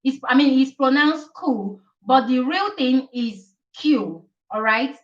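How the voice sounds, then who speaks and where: A woman with a slightly high voice teaches the alphabet in a relaxed live stream. She repeats each letter and keeps asking "okay?". Her voice sounds set back from the mic, with a dull, muffled sound. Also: slow pace, far from the mic. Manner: chatty, repeats letters, asks "okay?" often. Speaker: Italian teacher.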